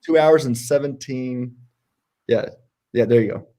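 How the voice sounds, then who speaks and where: A man co-hosts a casual livestream debate, his pitch leaping up as he presses his points. His tone is sarcastic and playful, and his voice sits at an ordinary pitch. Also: measured pace. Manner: animated and sarcastic, jumps in pitch for emphasis. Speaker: co-host.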